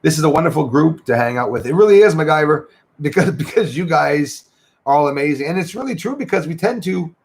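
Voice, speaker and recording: A man's voice: a little high, animated, a little fast. A man hosting a livestream, chatting casually and greeting viewers by name as he rambles along. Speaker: livestream host. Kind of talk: casual chat reading out viewer comments.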